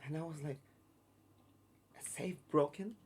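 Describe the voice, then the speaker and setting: Man telling a story in halting English. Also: fairly high pitch, darkish tone, slightly rough. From Mexico. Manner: halting, broken English with many restarts and fillers. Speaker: guest, circus artist. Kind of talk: casual storytelling interview.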